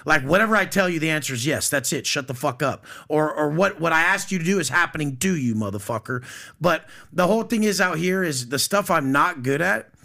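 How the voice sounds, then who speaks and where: A man's voice: fairly high pitch, lively intonation, brisk, gravelly, bright, forceful tone. A man talking as a podcast guest in casual conversation, blunt, profane and boastful.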